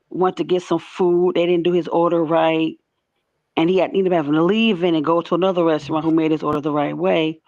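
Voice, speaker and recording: A woman calling in to a livestream who tells her story plainly and directly. Her voice has a gravelly texture. The call sounds dull and dry, with no room echo. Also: low voice, darkish tone. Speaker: caller. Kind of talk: casual call-in chat.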